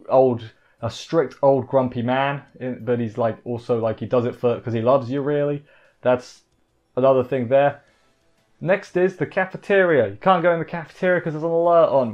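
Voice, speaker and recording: A man's voice: mid-range voice, darkish tone, highs cut off. A man giving a rambling, casual anime episode recap on a live stream, full of jokey asides. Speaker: anime reviewer.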